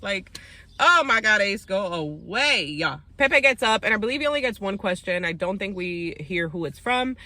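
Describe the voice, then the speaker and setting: A woman's voice: fairly low pitch, bright, forceful tone, no echo. A woman giving a casual, heated recap of a reality show, blunt and profane, acting out quotes from the cast. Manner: acts out quotes of the cast mid-story. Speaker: TV recap host.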